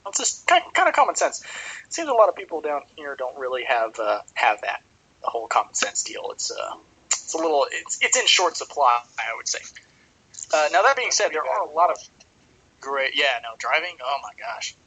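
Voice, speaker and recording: A man's voice: on the high side, big pitch swings, normal speed, pushed and bright, husky, low-quality recording. A man from Texas, co-hosting a podcast and chatting casually, rambling with lots of fillers and restarts. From Texas, USA. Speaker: podcast co-host. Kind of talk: casual chat.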